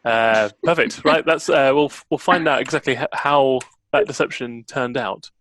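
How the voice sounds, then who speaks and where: A man running a tabletop roleplaying game as dungeon master, chatty and relaxed, often laughing with the players. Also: medium pitch, moderate pace.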